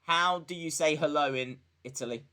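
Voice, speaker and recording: A man's voice: fairly high pitch, moderate pace, pushed and bright. A man hosting a casual live stream, rambling and joking as he reads out viewer messages. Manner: rambling and chatty, with many fillers and restarts; jokey, talking back to viewers and a voice assistant. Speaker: live-stream host reacting to wrestling and reading chat.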